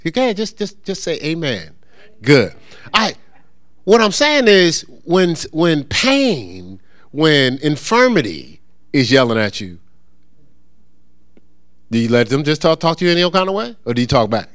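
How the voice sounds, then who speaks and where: A man's voice: fairly high pitch, sing-song, a little slow, pauses often, fairly bright tone, no room sound, clean studio sound. A man preaching a sermon, calling out to his congregation for answers and joking with them. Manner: call-and-response, asks congregation to answer; humorous, acts out quoted voices. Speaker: pastor. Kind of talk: interactive sermon teaching.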